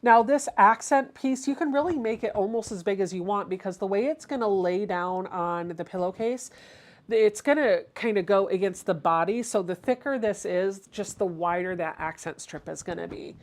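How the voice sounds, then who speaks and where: A woman's voice: mid-range voice, moderate pace. Woman host, casual sewing tutorial, talkative, greets viewers between steps. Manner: chatty, explains each step while reading viewer comments aloud.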